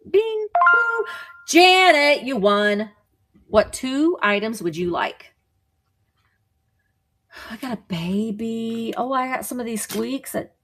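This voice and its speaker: A woman selling vintage items in a live online auction, chatting playfully while she calls the lots. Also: mid-range voice.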